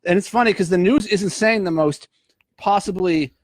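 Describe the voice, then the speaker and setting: A man's voice: high voice, normal speed, dry recording. A man in a casual comedy podcast chat, rambling and explaining at length.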